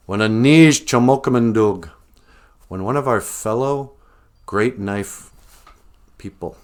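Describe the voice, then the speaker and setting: Slow, low-voiced deadpan man. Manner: mock-serious, deadpan. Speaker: comedian vlogger. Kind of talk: satirical monologue.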